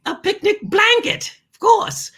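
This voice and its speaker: A woman's voice: very high voice, a little slow, fairly bright tone. A woman hosting a family learning show, chatting playfully and theatrically, with frequent asides and calling viewers "darling.". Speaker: host.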